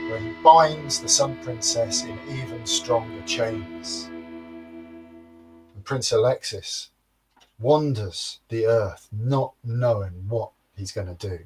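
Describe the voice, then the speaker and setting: A man telling a folktale aloud in a slow, rhythmic and dramatic manner. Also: medium pitch, loud music behind the voice. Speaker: storyteller.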